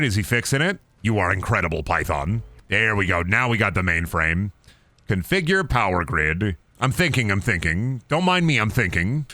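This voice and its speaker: A young man casually commenting on his gameplay as a streamer, goofy and rambling, often swinging into silly high voices. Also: sharp tone, dry recording.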